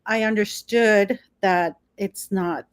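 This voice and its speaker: A woman's voice: mid-range voice, dry recording, studio quality. A woman guest talking casually and emotionally about her work as a branding expert. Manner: effusive, emotional, quick asides. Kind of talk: casual interview chat.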